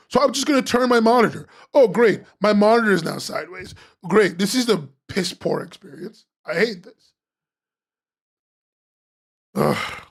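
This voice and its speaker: A man's voice: high voice, vocal fry, fairly bright tone. A man hosting a webcomics podcast, ranting sarcastically as he critiques comic pages, swearing and laughing.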